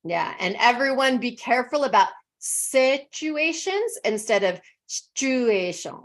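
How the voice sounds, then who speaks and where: A woman runs an online pronunciation lesson, speaking at an unhurried, drawn-out pace. She is encouraging and spells out each sound carefully for her students. Her voice comes through a video call. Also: high-pitched, expressive. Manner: encouraging, models words slowly and deliberately. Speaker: English pronunciation teacher.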